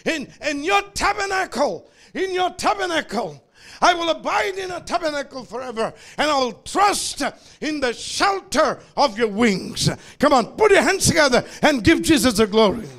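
A male pastor delivers a sermon in call-and-response style. His voice is very high and gravelly. It swings widely, from shouted peaks down to muttered asides. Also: very animated, normal speed, hardly any pauses.

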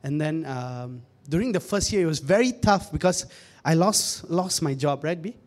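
A man's voice: a little high, lively intonation, normal speed, a little mellow. A young man preaching a conversational sermon, often calling out to the congregation and joking in asides. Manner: joking, laughs at his own asides.

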